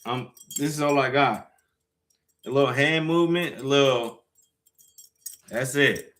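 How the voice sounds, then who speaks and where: A young man streaming live, telling a story to his chat in an animated, slangy, profane way and reading the chat aloud. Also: mid-range voice, unhurried.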